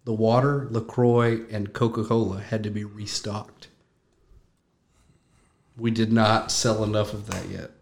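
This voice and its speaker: A man's voice: on the low side, little pitch movement, a little slow, vocal fry, long pauses. A young adult man hosting a podcast, chatting casually and joking with a friend, often laughing. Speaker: podcast host. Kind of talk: casual chat.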